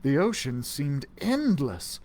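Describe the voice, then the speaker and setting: A man reading a children's storybook aloud for a library, giving the first-person mouse narrator an animated, expressive delivery. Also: slow pace. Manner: animated, expressive reading with big pitch swings.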